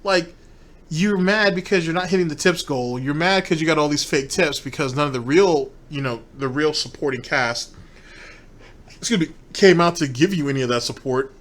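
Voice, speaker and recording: Guy ranting on stream, swears a ton, scornful, kinda high voice. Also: normal speed, fairly bright tone. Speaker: commentary streamer. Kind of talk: ranting commentary.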